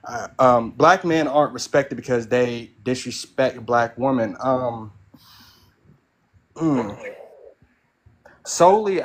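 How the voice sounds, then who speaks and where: A man speaking bluntly as a guest on a live panel debate, halting and repeating words as he goes. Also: mid-range voice.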